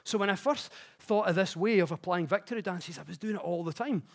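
High-voiced man telling stories on stage. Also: a little fast. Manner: chatty, self-mocking storytelling that grows animated. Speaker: conference speaker. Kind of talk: public talk with personal anecdotes. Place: conference stage before an audience.

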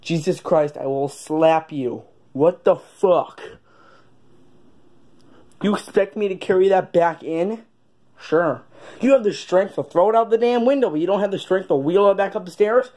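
A hot-tempered redneck father, as a puppet-skit performer puts him on, drawling and gruff. He curses and threatens in a slow, dragging delivery, always on the edge of blowing up. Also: medium pitch, warm tone, lightly acted. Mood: angry. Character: cranky, foul-mouthed redneck father. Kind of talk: comedic puppet-skit voice acting.

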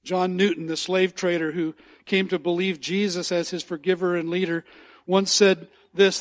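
A man's voice: high-pitched, fairly even intonation, moderate pace. A man preaching a sermon as pastor in a church, earnest and repeating key phrases for emphasis. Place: church sanctuary.

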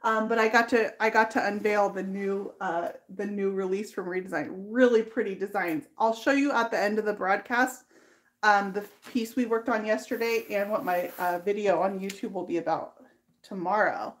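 A woman's voice: medium pitch, fairly even intonation, normal speed. A woman hosting a live furniture painting demonstration in her workshop, explaining each step in a chatty way and laughing easily. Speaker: furniture painter and tutorial host.

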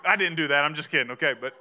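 A man, preaching a sermon in a chatty, storytelling way that rises to shouts. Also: on the high side, quick pace. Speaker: pastor.

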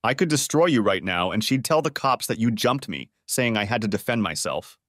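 A man's voice: lowish voice, animated, a little fast, fairly bright tone, dry recording, clean studio sound. A man voicing an arrogant, bullying middle-aged male lawyer in a sneering, menacing manner for an audiobook story. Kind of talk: audiobook character voice.

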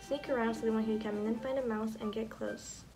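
A friendly female cat mentor, reading out tips in a fairly high, everyday voice, as a woman reads her lines aloud. Game music plays clearly behind her. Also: steady tone, fast talker, close to an everyday voice.

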